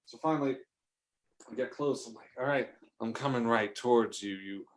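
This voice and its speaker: A man's voice: medium pitch, fairly even intonation, fairly quick. Male comic storyteller, rambling and profane, prone to sudden over-the-top outbursts. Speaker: comedic storyteller.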